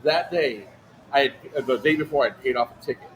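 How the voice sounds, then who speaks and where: Fast-talking man with event noise behind. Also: mid-range voice, poor audio. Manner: animated, profane, acts out quotes in a raised voice. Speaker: livestream co-host telling a story. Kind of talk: casual storytelling chat. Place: outdoor airsoft event.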